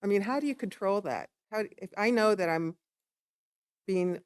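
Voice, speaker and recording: Smooth-voiced eager woman council member. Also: mid-range voice, normal speed, no room sound, studio quality. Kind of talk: meeting discussion. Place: city council chamber.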